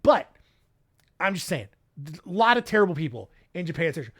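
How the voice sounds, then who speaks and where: A man's voice: high-pitched, lively intonation, fast, a bit bright. A man hosting a podcast, rambling through a casual solo recap in a sarcastic, self-mocking way. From United States. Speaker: podcast host.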